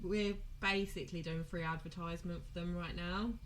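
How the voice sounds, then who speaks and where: A woman co-hosting a podcast, chatty and giggly, quick to agree. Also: fairly low pitch, steady tone, fairly bright tone. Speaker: podcast co-host. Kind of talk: casual chat. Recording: slightly distant mic, faint noise.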